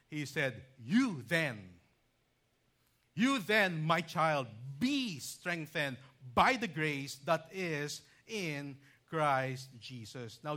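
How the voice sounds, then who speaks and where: Guy preaching a sermon, kinda high bright voice, explains stuff like a teacher. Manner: emphatic, rising loud when reading scripture lists; teacherly, explains grammar with asides like "okay".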